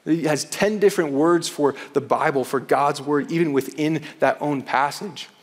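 A man's voice: fairly high pitch, normal speed. A young man giving an earnest chapel sermon to students, often saying "man". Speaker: campus chapel speaker. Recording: hall reverb.

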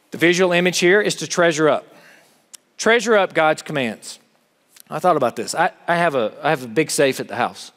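Middle-aged male preacher, chatty sermon style with questions to the crowd, a touch high, heard in a big echoing chapel. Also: fairly bright tone. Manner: conversational, with rhetorical questions to the audience. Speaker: campus chapel speaker. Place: large chapel hall. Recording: long reverb of a large hall.

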